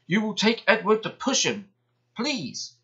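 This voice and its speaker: A man's voice: high voice, wildly swooping pitch, unhurried, fairly bright tone, pitched above the performer's own voice, exaggerated voice. A man voicing a male railway porter delivering an urgent, polite request. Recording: dull lo-fi sound.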